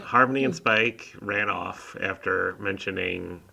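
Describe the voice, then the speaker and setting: A man's voice: deep voice, measured pace, gravelly, sharp tone, rough recording. A man co-hosting a podcast, chatting casually with dry, matter-of-fact asides. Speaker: podcast co-host. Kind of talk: casual chat recapping an episode. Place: home, on a video call.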